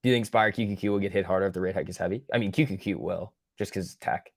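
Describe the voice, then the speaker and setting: A man's voice: sits low, quick pace, vocal fry. A man hosting a stock market livestream, chatting casually, joking and swearing as he reacts to his viewers. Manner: joking, profane, reacting to chat.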